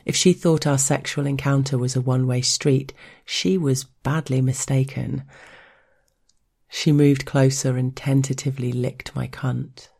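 Slow, husky, gravelly woman narrator. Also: mellow. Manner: slow and stern, low and controlled. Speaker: storyteller. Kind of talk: intimate first-person story narration.

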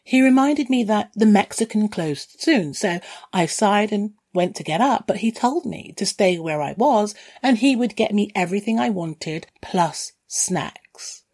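A woman's voice: medium pitch, expressive, a little slow, a little mellow. A woman reading a first-person story in a candid, dryly wry way. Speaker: narrator.

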